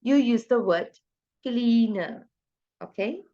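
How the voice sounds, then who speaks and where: A woman's voice: on the high side, expressive, slow, dark tone, muffled recording. A woman teaching a grammar lesson, asking her class questions and then answering them herself. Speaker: English teacher.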